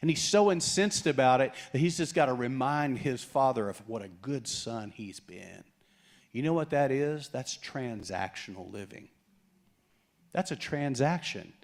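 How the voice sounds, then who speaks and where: Man preaching a lively sermon. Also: mid-range voice, a little slow. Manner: animated storytelling, acts out quoted voices with humor. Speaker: pastor.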